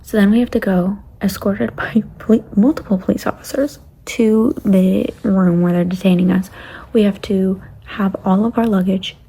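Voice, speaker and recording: A young woman vlogger telling a casual travel story, rambling along and often dropping to a breathy near-whisper. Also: medium pitch, steady tone, moderate pace, warm tone, slight background noise.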